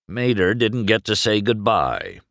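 A gruff old race car and stern mentor, as a man puts him on while reading a storybook aloud. He speaks with a low, rumbling growl. His lines sit in a close, dry recording. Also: wildly swooping pitch, a little slow, fairly bright tone, no room sound, heavily acted.

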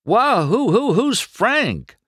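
A man's voice: medium pitch, wildly swooping pitch, slow pace, a bit bright, no echo, studio quality, exaggerated voice. Male reader playing a reluctant young race car, anxious and whiny. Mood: alarmed. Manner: nervous, protesting.

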